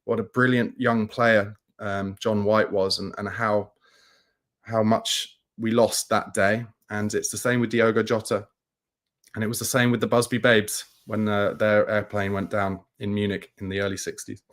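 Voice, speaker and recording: A man hosting a football livestream, speaking in a somber, halting way with many restarts as he reads and answers viewer comments. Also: lowish voice, little pitch movement, fairly bright tone. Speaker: football channel host. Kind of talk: live-stream chat reading viewer comments.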